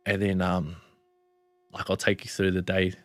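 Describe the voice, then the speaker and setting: A man's voice: deep voice, monotone, normal speed, fairly bright tone, no room sound. A young man with a New Zealand accent, a podcast guest telling a personal story in a laid-back way, swearing and calling people "bro". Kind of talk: casual storytelling.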